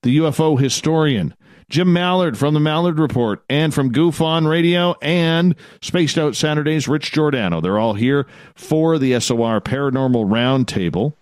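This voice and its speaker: A man's voice: fairly high pitch, moderate pace, dry recording. Canadian man hosting a radio show. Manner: lively, joking announcer patter. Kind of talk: live radio talk.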